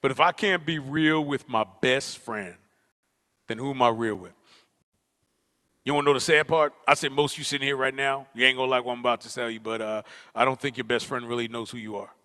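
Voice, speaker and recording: A man from Newark, New Jersey, performing an animated, slangy comic storytelling monologue to an audience in a large auditorium. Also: medium pitch, a little fast. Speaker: spoken-word performer. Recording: auditorium with long reverb.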